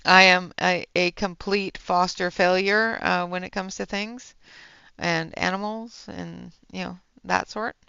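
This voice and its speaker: Slow, gravelly woman chatting on a livestream. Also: lowish voice, fairly even intonation, sharp tone, dry recording, highs cut off. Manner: chatty, reads and answers chat, laughs often, many fillers. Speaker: coloring livestream host. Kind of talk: casual livestream chat while coloring.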